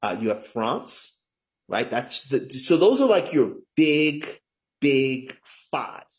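In a conversational interview, a middle-aged guest author talks slowly, his mid-range voice swinging widely in pitch. He sounds enthusiastic and often closes his points by asking "right?"

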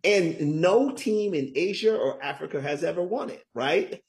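A man's voice: fairly high pitch, expressive, a little slow, a little mellow. A middle-aged man being interviewed as an author, talking in a chatty, emphatic way and often tagging "right?" onto his points. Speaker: guest, author. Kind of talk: casual interview talk.

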